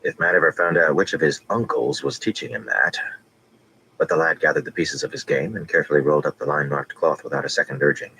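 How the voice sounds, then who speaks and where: A man narrating a fantasy audiobook with steady, measured reading. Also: a bass voice, a little hiss or hum, rough recording.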